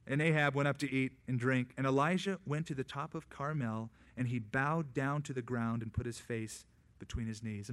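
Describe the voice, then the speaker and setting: Storytelling preacher, loud then hushed. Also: male voice, mid-range voice. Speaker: pastor. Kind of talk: sermon.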